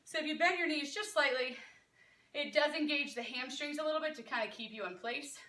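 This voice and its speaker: A woman's voice: high voice, a little fast, pushed and bright, reverberant, recorded from a distance. A woman in her thirties coaching a home workout, upbeat and encouraging, out of breath. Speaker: fitness instructor. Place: room at home.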